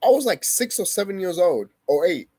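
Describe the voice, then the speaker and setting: A young man tells a painful story to his camera in a heated, profane rush, hammering his points with repetition. His pitch swings widely as he talks. The sound is dry and close, with no room echo. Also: very animated, a little fast, warm tone. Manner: profane, heated, emphatic, repeats phrases. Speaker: vlogger. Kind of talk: emotional personal storytelling to camera.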